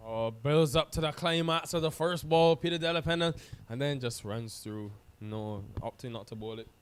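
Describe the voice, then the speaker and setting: Man in live cricket commentary, smooth voice. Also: fairly high pitch, moderate pace. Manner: chatty, teasing co-commentator.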